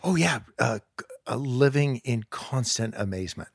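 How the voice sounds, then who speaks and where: A man chatting as a podcast guest, telling stories in an animated way and jumping into high, excited voices. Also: moderate pace, creaky, no room sound, studio quality. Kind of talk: casual conversation.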